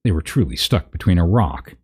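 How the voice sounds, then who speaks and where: A man's voice: sits low, sing-song, a little fast, a little mellow, breathy edge. A man reading a parody fantasy story aloud, breaking off with wry asides about the text. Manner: reads aloud with wry asides at misread words. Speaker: narrator.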